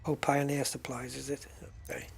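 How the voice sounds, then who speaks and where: A man's voice: medium pitch, level tone, normal speed, gravelly, husky. A man chatting casually while streaming a space game, joking and exclaiming at prices. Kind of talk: casual gameplay commentary.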